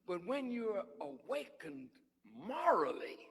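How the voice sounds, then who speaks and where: A man preaching a sermon, teasing and conversational, dropping to hushed asides and then rising to shouts. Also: high-pitched, very animated, slow. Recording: long hall reverb.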